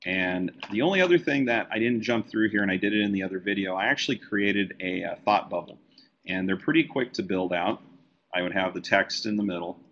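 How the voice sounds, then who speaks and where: A man who letters comic books, teaching a live software tutorial and talking easily as he works on screen. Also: lowish voice, a little fast, highs cut off. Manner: relaxed, talks while working on screen. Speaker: comic book letterer and design educator.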